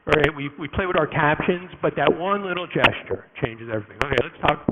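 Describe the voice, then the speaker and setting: Guy giving a tech conference talk, kinda high voice, jokey, lots of asides, loud noise behind him. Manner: animated, jokey, talks to the audience with quick asides and restarts. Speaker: conference speaker. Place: conference room before an audience.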